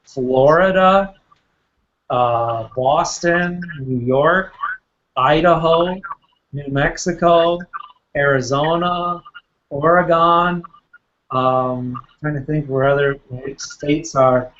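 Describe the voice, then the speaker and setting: A man's voice: on the high side, slow, a bit bright, dull audio, slight background noise. A man coaching real estate agents in a casual question session, talking in a chatty way, repeating words and telling anecdotes. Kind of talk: casual Q&A with a listener.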